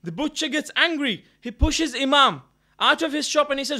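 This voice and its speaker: A man with a very high-pitched, pushed and bright voice and lively intonation speaks at a moderate pace in a gathering hall in London. At a religious mourning gathering, he earnestly retells a moral story as a storytelling sermon, often correcting himself mid-sentence.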